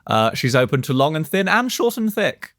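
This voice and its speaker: A man co-hosting a casual comedy podcast, giving wry, deadpan advice to listeners. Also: a little high, normal speed, no room sound. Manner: dry, wry agony-uncle advice. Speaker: podcast co-host.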